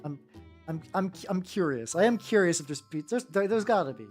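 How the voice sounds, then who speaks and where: With a fairly low, slightly mellow voice and lively intonation, a woman streamer talks a bit fast while painting miniatures. Her casual chat rambles and includes jokes about herself, and faint background music plays.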